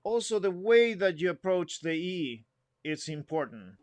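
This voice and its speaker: A man's voice: high voice, very animated, measured pace, loud music behind the voice. A man giving an instrument lesson, explaining phrasing patiently, humming example phrases and counting the group in. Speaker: music teacher.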